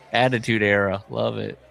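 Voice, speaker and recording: A man's voice: lowish voice, steady tone, a little slow, creaky, a bit bright, faint music behind. A man co-hosting a podcast in casual chat, joking, mocking and laughing often. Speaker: podcast co-host.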